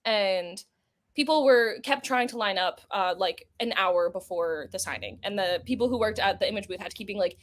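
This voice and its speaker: A woman's voice: medium pitch, normal speed. A woman guest on a podcast, chatting casually and telling long rambling stories full of fillers. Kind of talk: casual interview chat.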